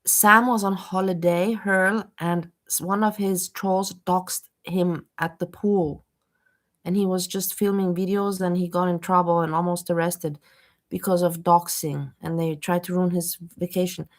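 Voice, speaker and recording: Emphatic low-voiced woman chatting. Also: little pitch movement, unhurried. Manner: emphatic, chatty, chimes in with her own stories. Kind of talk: casual chat.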